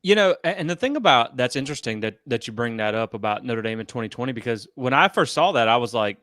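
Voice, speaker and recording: A man's voice: medium pitch, expressive, quick pace, fairly bright tone, no echo, clean studio sound. A man in a casual sports podcast chat, building an argument point by point.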